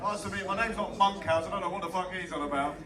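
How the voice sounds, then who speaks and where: A man's voice: high-pitched, rapid-fire, far from the mic, heavy background noise. A young man from England performing a stand-up set, swearing freely and bantering with the crowd. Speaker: stand-up comedian. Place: small comedy club. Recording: echoey club room, mic heard from afar, loud crowd. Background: audience laughing.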